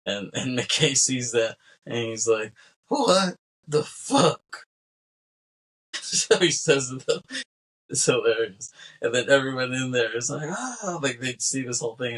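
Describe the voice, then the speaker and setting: Husky-voiced man recapping a film. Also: mid-range voice, a bit bright, rough recording. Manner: rambling recap with acted-out quotes and laughs. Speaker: podcast co-host. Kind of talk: casual film discussion.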